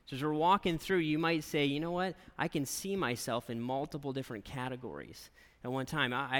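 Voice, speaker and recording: A man preaching a sermon as a pastor, telling a story in a lively, conversational way and often checking in with "right?". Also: medium pitch. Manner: animated storyteller, conversational, keeps asking "right?". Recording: long reverb of a large hall.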